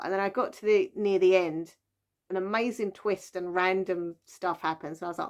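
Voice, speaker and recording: A woman's voice: mid-range voice, normal speed. A British woman chatting casually about books she has read, rambling with lots of fillers and laughing often. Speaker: book vlogger. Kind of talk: casual chat.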